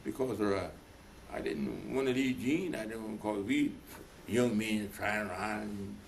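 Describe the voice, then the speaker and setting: An older veteran being interviewed for an oral history speaks in a lowish, steady voice at a measured pace, with a little hiss or hum in the background. He rambles through long stories, retelling the dialogue by acting out the voices of the people in them.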